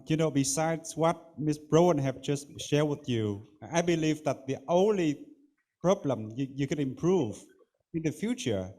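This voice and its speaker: Man judge, slightly high voice, emphatic coaching style. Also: mellow. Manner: coaching, emphatic, repeats "you know what I mean". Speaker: contest judge. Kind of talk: spoken feedback to a student.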